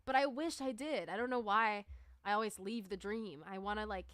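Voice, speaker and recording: A woman's voice: mid-range voice, normal speed, fairly bright tone. A woman musician chatting to her stream viewers in a loose, rambling way, with lots of filler words and a mid-range voice. The sound is dry and close, with no room echo. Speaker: livestreamer and musician. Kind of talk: casual livestream chat.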